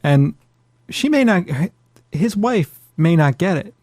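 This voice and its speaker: A man hosts a podcast in a relaxed, wry way, agreeing with his co-host and cracking dry jokes. His voice sounds close and dry, with no echo. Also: sits high, takes it slowly. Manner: laid-back, wry, agreeable. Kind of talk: casual chat.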